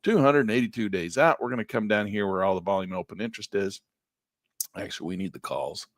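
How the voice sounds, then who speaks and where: A middle-aged man giving a live trading lesson in a folksy, upbeat way, losing his voice and clearing his throat. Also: lowish voice, a little fast, dry recording, clean studio sound. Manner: folksy, upbeat, talks while clicking through charts. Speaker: trading instructor.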